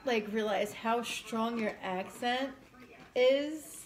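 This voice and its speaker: A woman with a New York accent, co-hosting a casual live stream, laughing often and telling animated stories. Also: fairly high pitch, slow.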